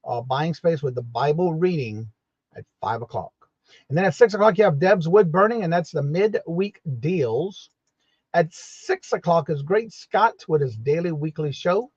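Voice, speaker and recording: A man's voice: fairly high pitch, darkish tone, husky, no room sound. A man hosting a casual morning live stream, greeting viewers by name in a repetitive, upbeat way and reading out a schedule. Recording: dull lo-fi dry audio.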